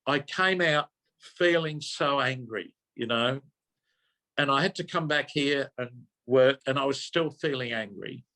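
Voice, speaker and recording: A man's voice: mid-range voice, unhurried, sharp tone. An older man, a minister telling a personal story in an earnest way, often repeating and correcting himself. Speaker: minister giving a talk.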